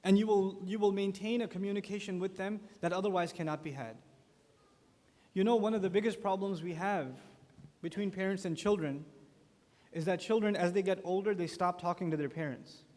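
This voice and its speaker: A man speaking at a youth conference, giving a religious lecture with animated storytelling and acted-out quotes. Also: high voice, fairly quick. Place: large conference hall. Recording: long echo of a large conference hall.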